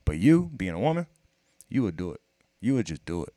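A man's voice: low voice, big pitch swings, brisk, warm tone, no echo, clean studio sound. A man in casual podcast chat, profane and emphatic, pressing his point with rhetorical questions.

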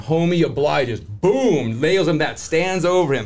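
A man's voice: on the high side, animated, normal speed, hardly any pauses, darkish tone. A man and criminologist guest, telling a story casually and animatedly, acting out voices and laughing often. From Southern California.

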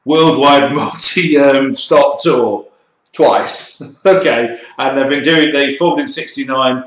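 A man co-hosting a motorsport show, talking in animated, opinionated banter. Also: mid-range voice, takes it slowly, reverberant, poor audio. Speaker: co-host. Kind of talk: casual banter.

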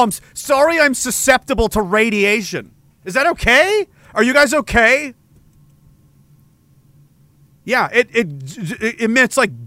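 Bright, animated joking streamer man. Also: sits high, dry recording. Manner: profane, joking, mock-indignant. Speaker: streamer reading chat. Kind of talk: casual chat.

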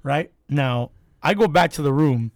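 A man with a gravelly, fry-edged voice that sits a little high tells a story on a casual podcast. He swears freely and acts out what people said, with a close, dry sound. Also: measured pace, no room sound.

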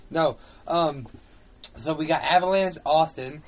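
A man co-hosting a casual podcast, loud and jokey, slipping into silly voices. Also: brisk, low-quality recording. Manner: loud, jokey, breaks into shrill put-on voices. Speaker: podcast co-host. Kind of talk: casual chat.

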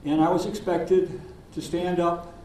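An older man, a minister, tells his story slowly and gently with pauses during a sermon in a church. His mellow voice is a bit high for a man and shows little pitch movement. It's picked up from a distance, ringing through a reverberant sanctuary, with slight background noise.

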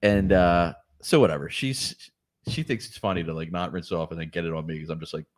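A man's voice: deep voice, brisk, no room sound, clean studio sound. A man in his forties telling crude, rambling stories as a podcast host, swearing constantly and laughing often. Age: 40s. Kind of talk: crude casual storytelling.

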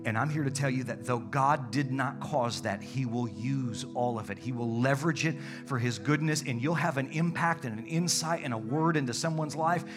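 A man preaching a sermon as pastor, dynamic, swinging between loud calls and hushed, intimate tones. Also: mid-range voice, normal speed, few pauses, over music.

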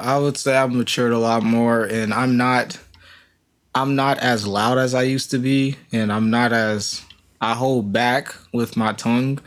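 A young man tells a story in relaxed podcast chat. He laughs easily and acts out other people's lines as he goes. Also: mid-range voice. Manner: animated storyteller, laughs often, acts out quotes.

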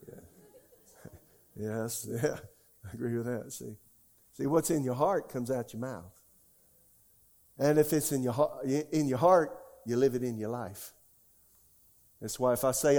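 Mellow-voiced older male pastor preaching. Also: mid-range voice, normal speed, pauses often. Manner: emphatic preaching, checks in with the congregation. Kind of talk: sermon.

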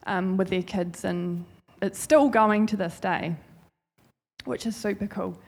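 A woman speaks to a church gathering in a loose, conversational way. Her voice sits at an ordinary middle pitch, and she rambles warmly from one thought to the next with plenty of fillers. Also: steady tone, unhurried, gravelly. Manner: chatty, rambling, heartfelt. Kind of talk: informal sermon testimony.

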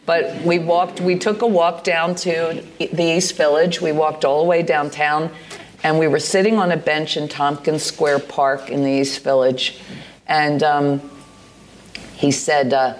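A woman's voice: sits low, flat delivery, a little slow, a little hiss or hum. A woman in her sixties from the United States, a guest in a live on-stage conversation, telling stories in a meandering, hesitant way with many fillers and restarts. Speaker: interview guest, poet and artist. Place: live venue stage with an audience.

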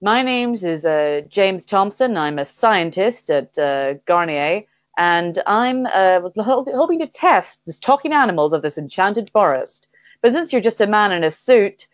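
A man's voice: high voice, sing-song, normal speed, no echo, dull audio. A woman voicing a frantic lost male tramp who shrieks at people, in a comedy improv game. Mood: calm. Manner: shrieking, wild-eyed.

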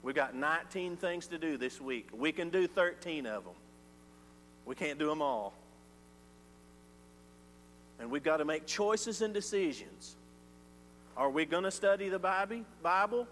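Preacher guy, high voice, goes loud then quiet, echoey church hall w/ a bit of hum. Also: expressive, measured pace, pauses often. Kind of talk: sermon. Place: church sanctuary.

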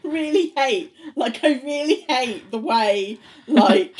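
A woman with a high voice that swoops up and down, speaking at an unhurried pace. She talks bluntly in casual podcast chat and swears freely. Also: expressive, a little mellow, husky. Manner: blunt, swears, laughs a lot. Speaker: podcast co-host.

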